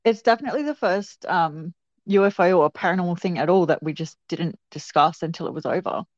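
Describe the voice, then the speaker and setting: A woman's voice: fairly low pitch, fairly quick, no echo. A woman guest telling a story in a chatty way. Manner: chatty, laughs while talking. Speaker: guest recounting a sighting. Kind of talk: casual storytelling. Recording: dull, lo-fi, dry sound.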